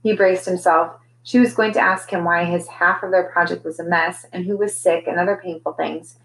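A woman teacher reading a children's novel aloud in a gentle storytelling manner, giving the characters' lines their own voices. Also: fairly low pitch, fairly even intonation, moderate pace, slight background noise, low-quality recording.

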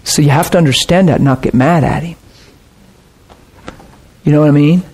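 A man with a husky, slightly breathy voice delivers a sermon. He speaks with earnest intensity and brings a personal story to life by voicing both sides of the exchange. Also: on the high side, normal speed, a little mellow. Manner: earnest, intense, retells quoted dialogue.

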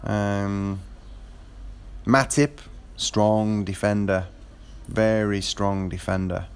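Rambling man, lowish voice. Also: steady tone, very slow, smooth. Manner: rambling, with frequent fillers and restarts. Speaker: football fan. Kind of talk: casual monologue.

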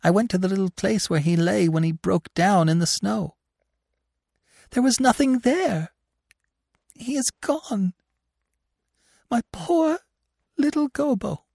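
A woman's voice: a bass voice, sing-song, very slow, pauses often, a little mellow, breathy edge, dry recording, clean studio sound, exaggerated voice. A man voicing an exhausted mother deer who is weeping for her lost fawn.

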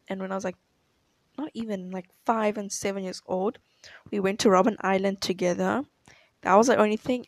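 There's vocal fry in this medium-pitched, slightly mellow female voice, captured with no room sound. She is a young African vlogger in a casual confessional Q&A, meandering, hesitating, and fixing her own words as she responds to personal questions.

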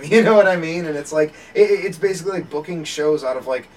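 A man's voice: a little high, quick pace, a little mellow. Rambling, swearing man on a distant mic. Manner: rambling, swearing, laughs often, many restarts. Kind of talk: casual podcast chat. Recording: distant mic with faint background noise.

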